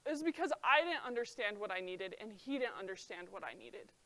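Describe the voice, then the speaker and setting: A young adult woman giving an earnest talk to a young audience, chatty and full of "like" fillers, telling stories with lively feeling. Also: mid-range voice, brisk. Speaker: presenter.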